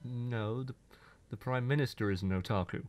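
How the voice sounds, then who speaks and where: A man's voice: medium pitch, normal speed. A young man co-hosting a podcast, chatting casually and teasing his co-host. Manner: animated, teasing, knowledgeable about games. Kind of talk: casual chat.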